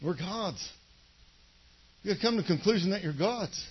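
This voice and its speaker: A man with a husky, slightly high voice preaches a sermon, calling on the room to repeat lines back to him. He swings between loud, stirred passages and chatty asides to the people in front of him. The recording is dull and lo-fi. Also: animated, moderate pace. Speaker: pastor.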